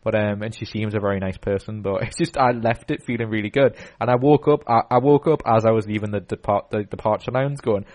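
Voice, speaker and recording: A man's voice: lowish voice, fast talker, a little mellow. A man hosting a casual podcast, telling a rambling story full of fillers and restarts. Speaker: podcast host.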